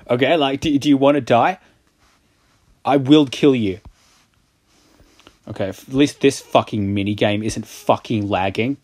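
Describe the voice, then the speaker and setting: A man's voice: medium pitch, unhurried, long pauses, a little mellow. A young man giving casual gameplay commentary, sarcastic and exasperated and swearing a lot at the game. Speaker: gaming YouTuber.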